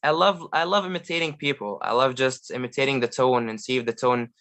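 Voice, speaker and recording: A man's voice: mid-range voice, a little fast, a bit bright. A young Egyptian man with an Egyptian accent, chatting eagerly as a guest with lots of fillers and restarts. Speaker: guest, language learner. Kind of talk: casual video call chat.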